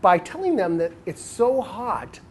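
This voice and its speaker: A man coaching other men on dating, telling stories and acting out quoted lines in a casual, animated way. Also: high-pitched, measured pace. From United States.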